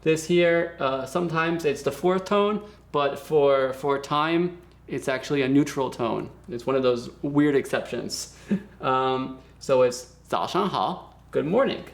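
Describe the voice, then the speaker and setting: A man teaching a beginner language lesson in a relaxed, chatty way, repeating words slowly for practice. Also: mid-range voice, creaky. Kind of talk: casual spoken lesson.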